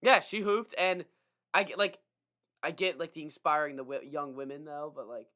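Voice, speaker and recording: A man co-hosting a podcast, chatting casually and nitpicking a movie with quick asides. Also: a little high, pushed and bright. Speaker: podcast co-host. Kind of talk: casual movie review chat.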